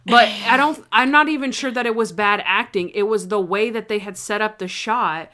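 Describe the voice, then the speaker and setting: A woman co-hosting a podcast in casual chat, rambling through an episode recap and acting out scenes in quick quoted voices. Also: mid-range voice, sharp tone. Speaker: podcast co-host.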